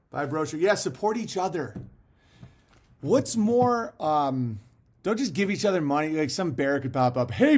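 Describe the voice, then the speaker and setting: A man hosting a casual livestream and reading viewer messages, talking in a profane, rambling way with frequent laughs while fasting. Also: on the high side, a little mellow.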